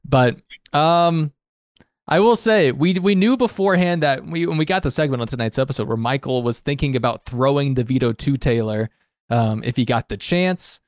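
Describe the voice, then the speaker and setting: A man's voice: mid-range voice, normal speed, no echo. Casting: man, show host, rambling chatty recap talk, dry close sound. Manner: rambling, chatty, laughs often. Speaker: podcast host. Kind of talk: casual recap chat.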